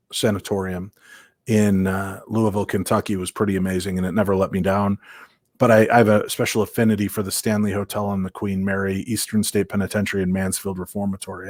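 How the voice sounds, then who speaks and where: A man from Minnesota telling paranormal investigation stories as an interview guest, animated and acting out quoted voices. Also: low-pitched, dry recording, clean studio sound. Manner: lively, acts out quoted voices, many restarts.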